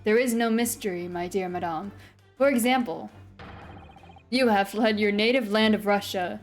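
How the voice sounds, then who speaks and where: A woman's voice: medium pitch, normal speed, faint music behind, natural voice. A woman voicing a self-assured, eccentric male detective who declaims his deductions theatrically, in a voice close to her own. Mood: grandly deducing.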